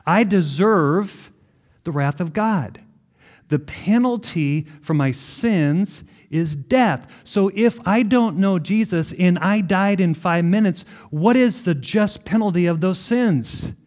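A man preaching a sermon, asking the congregation questions and answering them himself, slowing down to stress key words. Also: high voice, expressive, darkish tone. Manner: asks the room questions, then answers them. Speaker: pastor.

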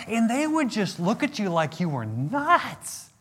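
A middle-aged man delivers a sermon in a notably high voice. He takes his time, leaning on emphatic repetition and rhetorical questions as he addresses his listeners. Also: wildly swooping pitch, a little slow, a bit bright, husky. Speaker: pastor.

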